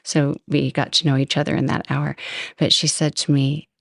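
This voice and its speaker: Deep gravelly woman telling a story. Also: flat delivery, normal speed, no echo, studio quality. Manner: chatty, self-deprecating, anecdotal. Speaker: podcast host. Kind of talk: storytelling monologue.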